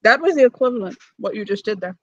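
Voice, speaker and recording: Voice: medium pitch, lively intonation, fast, no room sound. A player in a tabletop game, wry and teasing with the others. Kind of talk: tabletop role-play chat. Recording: dull lo-fi mic.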